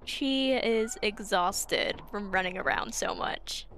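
A woman streaming a video game live, commenting excitedly and shrieking when startled. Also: mid-range voice, slow pace, slight background noise.

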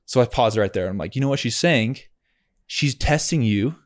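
A man's voice: medium pitch, expressive, normal speed. Male podcast co-host, mid-range voice, chatty sales-coach storyteller who checks in and acts out conversations. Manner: explains with rhetorical check-ins; acts out customer and rep dialogue. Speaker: sales manager coaching door-to-door reps.

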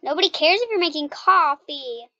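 Woman, high voice, playful gameplay commentary, teasing, dull lo-fi mic. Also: lively intonation, bright, forceful tone. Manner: playful, quick to protest and tease. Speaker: gaming channel host.

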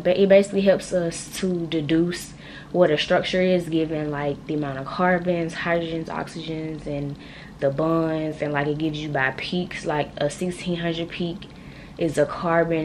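A woman's voice: low-pitched, steady tone, normal speed, a little mellow, slight background noise. A young adult woman, a college student chatting casually and rambling straight to her viewers from her room at night. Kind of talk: casual vlog chat.

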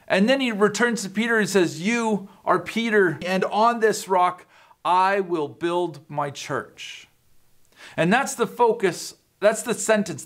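Slow, earnest high-voiced man preaching. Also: a bit bright. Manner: earnest, slow, with fillers and restarts. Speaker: youth pastor. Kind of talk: sermon to students.

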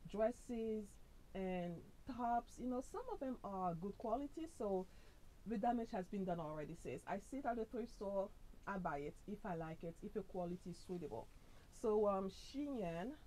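An upbeat woman chats through a fashion try-on, calling her viewers "sis" and dropping plenty of fillers. She talks louder than her soft natural voice at a middle pitch. A faint hiss sits under the sound of the camera mic. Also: animated, moderate pace, rough recording. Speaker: fashion vlogger. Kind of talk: casual try-on vlog. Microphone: camera mic, no lapel.

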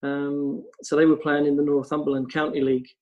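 A man's voice: a little high, flat delivery, a little fast, dull audio. A man, a football coach, telling long casual stories on a podcast, rambling with lots of ums. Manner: rambling anecdotes with frequent ums.

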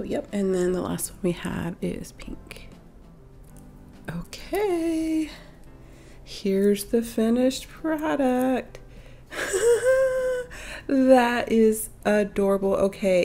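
A woman hosts a toy unboxing, talking right to her viewers in a chatty, self-correcting way with little laughs. Her voice is mellow and gravelly, and she sounds slightly under the weather. Soft music plays faintly behind her. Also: mid-range voice. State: voice a bit off from being sick. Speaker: toy unboxing channel host. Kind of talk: casual chatty unboxing narration.

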